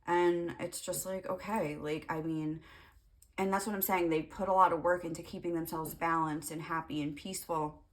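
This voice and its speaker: A woman's voice: on the low side, fairly even intonation, moderate pace. A young woman giving a casual tarot reading, rambling with lots of fillers and the odd swear word. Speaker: tarot reader.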